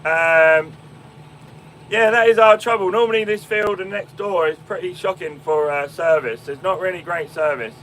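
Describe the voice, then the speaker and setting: A young Englishman with a Fenland accent answers viewers casually on his live stream, phone in hand, sitting in his tractor cab in a field. He has a high voice and a fairly bright tone at a moderate pace, chatty and full of ums and restarts, calling everyone mate and my man. The audio is poor, with slight background noise.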